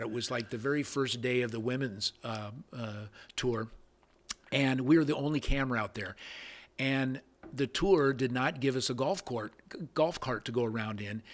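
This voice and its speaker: An older man recounts his years behind the camera in a relaxed interview, jumping into animated sound effects and often restarting his sentences. His pitch sits in an ordinary middle range for a man. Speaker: guest, veteran cameraman. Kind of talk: storytelling interview.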